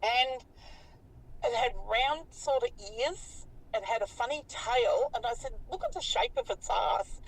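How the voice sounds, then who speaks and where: A woman in her fifties with an Australian accent, telling a story in an animated, colloquial way and swearing freely. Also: a little high, distant mic, rough recording. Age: 50s. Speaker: interviewee recounting a sighting. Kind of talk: casual storytelling interview.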